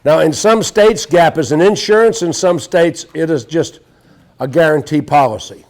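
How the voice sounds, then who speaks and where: A man's voice: fairly high pitch, normal speed. A man teaching a live sales seminar to an audience, brash and profane as he tells stories. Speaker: sales trainer.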